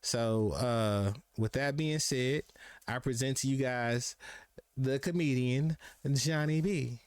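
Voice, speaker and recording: A young man hosting a live podcast, talking in relaxed, slangy fashion and jumping into other people's voices as he tells a story. His voice sits at a middle pitch and is recorded dry and close on a streaming mic. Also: slow pace, smooth, no echo. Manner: laid-back slangy storytelling, acts out quotes. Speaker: podcast host. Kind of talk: casual streamed chat.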